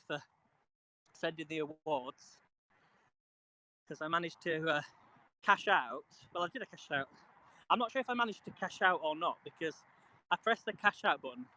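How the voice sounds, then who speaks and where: A man's voice: a little high, sharp tone, rough recording. A man with a British accent, chatting casually with live viewers while out walking outdoors, talking into a handheld phone. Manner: rambling, chatty, reads out viewer comments. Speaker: live streamer. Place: outdoors on a cold walk.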